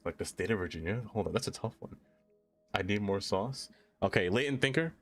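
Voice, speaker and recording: A man's voice: on the low side, lively intonation, brisk, fairly bright tone, breathy edge, soft background music. A man live-streaming a city-building game, chatting casually with his viewers and laughing often.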